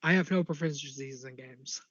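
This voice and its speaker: A man playing in a tabletop game, speaking in a thoughtful, measured way. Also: a little high, a bit bright, no room sound, dull audio. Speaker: player.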